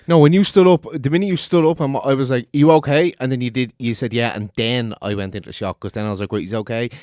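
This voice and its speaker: A man's voice: mid-range voice, fast talker, darkish tone, no echo, clean studio sound. An Irish man co-hosting a podcast, laid-back banter with casual swearing. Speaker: podcast co-host. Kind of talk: casual chat.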